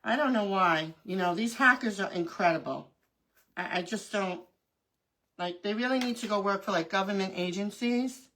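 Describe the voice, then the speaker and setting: The recording is rough as a middle-aged craft livestream host chats, tells animated stories and laughs often. Her voice is medium-pitched and her speed normal.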